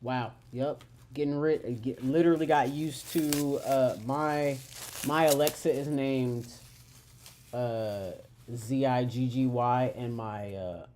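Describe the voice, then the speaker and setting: A writer hosting a livestream, chatting casually and haltingly, with many fillers and restarts. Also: mid-range voice, steady tone, darkish tone. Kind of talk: casual chat.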